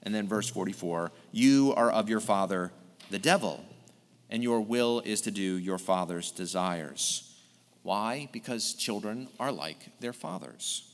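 A man's voice: on the low side, unhurried. A male pastor preaching an earnest sermon, explaining a text verse by verse. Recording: long hall reverb.

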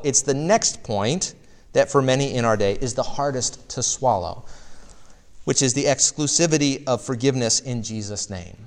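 A man preaching a sermon as pastor, lively and direct, with rhetorical questions and light asides to the congregation. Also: mid-range voice.

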